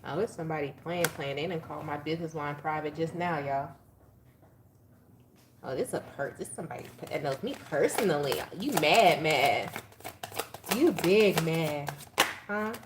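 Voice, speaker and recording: A woman doing a casual live tarot reading, chatty and animated, laughing as she talks to viewers. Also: low-pitched, a little fast, noisy background. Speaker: tarot reader.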